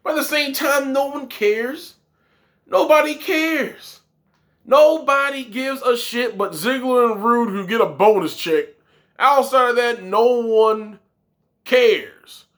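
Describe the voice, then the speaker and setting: A man's voice: very high-pitched, a little slow, fairly bright tone. A man reviewing a wrestling show, ranting with profane, exasperated commentary.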